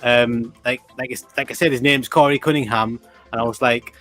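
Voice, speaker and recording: A man's voice: mid-range voice, fairly even intonation, fairly quick, fairly bright tone, soft background music. A man in casual chat, giving an easygoing take on a film. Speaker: podcast co-host.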